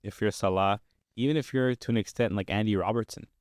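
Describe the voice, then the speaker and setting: Smooth low-voiced young male podcast host. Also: fast, darkish tone, no echo, clean studio sound. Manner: upbeat, steers the talk with questions. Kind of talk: casual sports chat.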